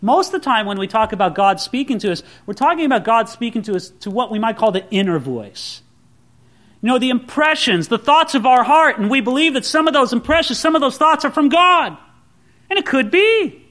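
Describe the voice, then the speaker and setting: High, lively-voiced male pastor preaching. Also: a little fast. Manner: animated storytelling preacher, acts out voices. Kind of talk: sermon.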